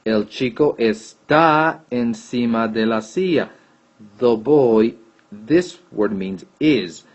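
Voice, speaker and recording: Slow-talking husky man teaching Spanish. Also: mid-range voice. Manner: patient, repeats and checks answers aloud. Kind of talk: classroom lesson explaining grammar. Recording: dull lo-fi recording.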